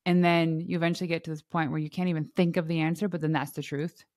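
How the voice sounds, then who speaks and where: This is a woman hosting a podcast, talking in an easy conversational way. Her voice sits a little low for a woman. She gets animated and often acts out what other people said, laughing as she goes. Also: fast, no echo, clean studio sound. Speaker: podcast host. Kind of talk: casual interview chat.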